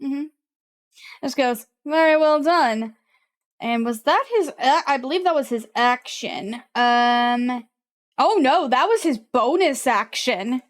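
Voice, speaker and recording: A woman's voice: high voice, animated, slow pace. A young woman running a tabletop game, thinking aloud while she checks the rules. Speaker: game master.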